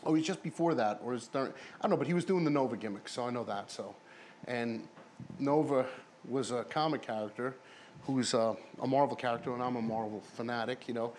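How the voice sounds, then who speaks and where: A man's voice: mid-range voice, a little fast, a little mellow, slight background noise. Profane rambling ex-wrestler man. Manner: rambling, profane, imitates others in stories. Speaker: interview guest, former pro wrestler. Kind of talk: casual storytelling interview.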